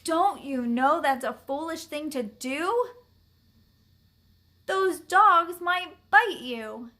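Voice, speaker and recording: A woman's voice: high-pitched, animated, takes it slowly, pushed and bright, voice pushed up, exaggerated voice. A woman doing a stern scolding man. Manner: scolding, commanding. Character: stern adult man, bossy neighbor.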